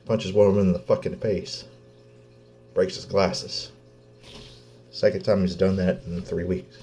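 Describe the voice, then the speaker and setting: A man's voice: sits low, level tone, mellow, a little hiss or hum. A man, a father venting in a personal vlog, blunt and swearing, close to tears. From Oklahoma. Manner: blunt, heavy swearing, halting pauses. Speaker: vlogger, father.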